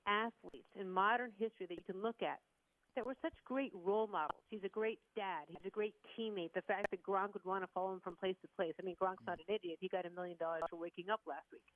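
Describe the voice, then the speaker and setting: Animated woman in her 50s on sports radio. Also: medium pitch, fast talker, no echo, phone-quality sound. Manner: animated storyteller, acts out quotes. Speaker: sports broadcaster guest. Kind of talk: casual sports radio chat.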